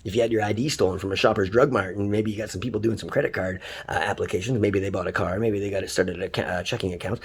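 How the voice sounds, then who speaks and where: A man's voice: fairly low pitch, steady tone, fast talker, hardly any pauses, breathy edge. A man from Canada, a taxi driver, delivering an angry, profane, heated monologue. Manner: swears constantly, ranting, heated. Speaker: taxi driver ranting online.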